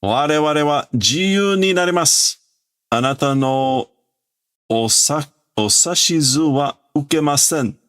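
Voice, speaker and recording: A defiant robot, voiced by a man, makes stiff, formal declarations in a raised, firm tone. The voice sits well above the man's own, and each phrase is even and clipped. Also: fairly high pitch, unhurried, clean tone, dry recording, clean studio sound, voice pushed up.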